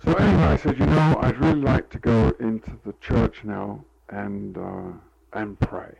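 A lowish, darkish voice with vocal fry and a breathy edge speaks at normal speed in a lo-fi recording. It's an older man being interviewed about his life, rambling through anecdotes full of fillers and acting out dialogue he recalls.

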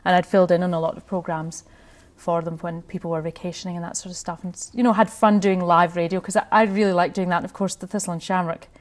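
A woman's voice: lowish voice, level tone, quick pace. A middle-aged Scottish woman, a radio host, chatting in an interview with frequent laughs and restarts. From Scotland. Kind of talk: conversational interview.

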